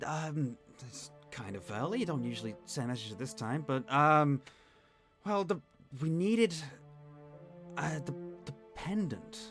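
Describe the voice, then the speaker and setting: A man's voice: fairly high pitch, animated, a little slow, fairly bright tone, soft background music. A man voicing a nervous, rambling female contact who speaks through a message stone, hesitant and full of ums. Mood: flustered.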